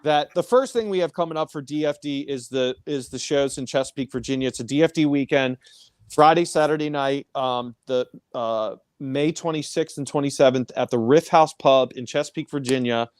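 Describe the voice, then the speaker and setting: A man's voice: medium pitch, moderate pace, clean tone, no room sound, studio quality. A man in a band telling crude stories and announcing shows in a casual live-stream chat, boisterous and profane. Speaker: band member.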